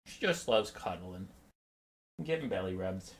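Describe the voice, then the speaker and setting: A man chats casually on his live game stream in a playful way. His pitch moves around a lot, and he keeps switching into high baby talk with his dog and cat. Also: animated, unhurried.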